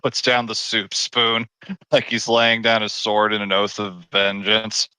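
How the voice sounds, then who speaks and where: A man's voice: on the low side, completely flat delivery, measured pace, pushed and bright, clear, resonant tone, no echo, rough recording. A man running a tabletop game as game master, narrating scenes and calling for rolls in an easygoing, joking way.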